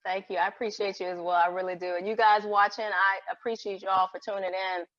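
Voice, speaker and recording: A woman's voice: medium pitch, flat delivery, fast talker, fairly bright tone. A woman in her forties, a vegan cook and guest on a live podcast, speaking with enthusiastic agreement. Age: 40s. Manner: enthusiastic, affirming. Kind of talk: live video podcast chat. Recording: dry, dull-sounding audio.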